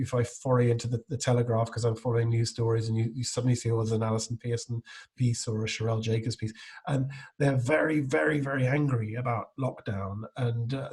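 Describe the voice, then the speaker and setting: Brief: middle-aged male guest, mid-pitched and husky, casual anecdotal chat full of restarts. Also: a little mellow. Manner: rambling anecdotes, frequent restarts. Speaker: guest, impressionist.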